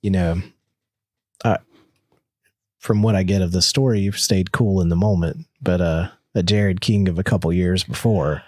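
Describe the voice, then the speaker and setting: A man's voice: low voice, fairly even intonation, moderate pace, a little mellow, no echo, clean studio sound. A man hosting a podcast, asking short questions and teasing his guest. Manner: short, joking prompts and questions. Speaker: podcast host. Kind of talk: casual chat.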